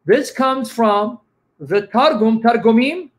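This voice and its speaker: A man speaking as a guest apologist on a livestream, teaching emphatically and slowing down to repeat key phrases. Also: extremely high pitch, expressive.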